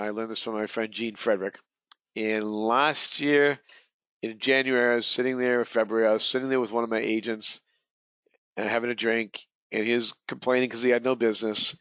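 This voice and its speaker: A man's voice: mid-range voice, fairly even intonation, a little fast, a bit bright, smooth, no room sound. A man leading a real estate training webinar, talking in a rambling way with many restarts and repeated words. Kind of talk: webinar presentation. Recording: dull, lo-fi webinar audio.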